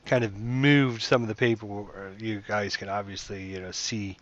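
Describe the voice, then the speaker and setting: A man's voice: on the low side, steady tone, moderate pace, muffled recording, background noise. A man narrating a tabletop game as game master, meandering and hesitant, with many fillers, heard over voice chat.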